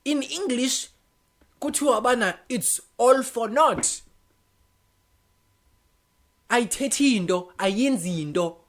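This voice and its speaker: A young man with a Xhosa South African accent, talking through a casual, animated opinion vlog, often switching languages in mid-sentence and laughing as he goes. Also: very high-pitched, slow, pauses often. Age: young adult. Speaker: vlogger.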